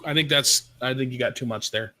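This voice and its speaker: A man playing in a tabletop game, calmly reading out his rolls and adding the damage. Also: medium pitch, a little fast, no room sound. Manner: methodical, reads out rolls and sums. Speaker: player.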